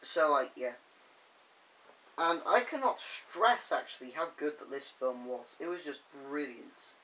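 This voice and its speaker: A chatty fan reviewer who rambles through the review with lots of "like" and "yeah". The voice has a middling pitch and quickly jumps from soft asides to loud bursts. There is a faint hiss under the home recording. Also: very animated, low-quality recording. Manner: enthusiastic, chatty, with many fillers. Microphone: camera on a tripod.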